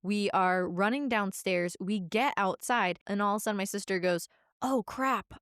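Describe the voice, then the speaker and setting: Chatty female podcast host, mid pitch, dry close-mic storytelling. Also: moderate pace, fairly bright tone, clear, resonant tone, no room sound. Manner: chatty, many filler "like"s. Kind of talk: casual storytelling.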